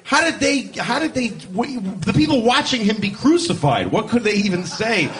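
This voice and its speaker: A man's voice: high voice, sing-song, normal speed. A man performing a stand-up comedy routine, telling a story in a jokey, irreverent way and acting out voices. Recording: live show with loud audience laughter. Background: crowd laughing.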